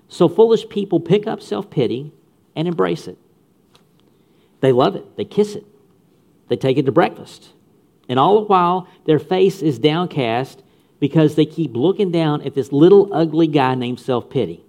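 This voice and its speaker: A man's voice: a little high, lively intonation, moderate pace, creaky, darkish tone. A man preaching a sermon with punchy humor and repeated phrases for emphasis. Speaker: pastor.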